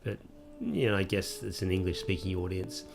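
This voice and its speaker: A man casually commentating a game he is playing, talking in a wry, relaxed way with plenty of fillers. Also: low-pitched, moderate pace, gravelly, faint music behind. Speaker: let's play host.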